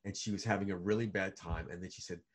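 A man telling stories as a guest in a video call interview, lively, with many restarts and fillers. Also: low-pitched, fast. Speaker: guest, author and speaker.

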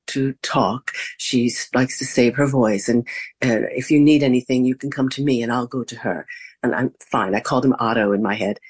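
Older American woman, interview guest, animated storyteller who acts out quotes. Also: a bass voice, slightly rough. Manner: animated anecdotes with acted-out quotes. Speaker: interview guest, former theme park performer and interviewer.

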